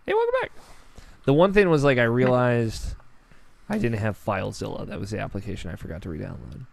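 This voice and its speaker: A man hosting a casual gaming podcast, rambling in a relaxed way and swearing now and then. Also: fairly low pitch, a little fast, creaky. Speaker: podcast host.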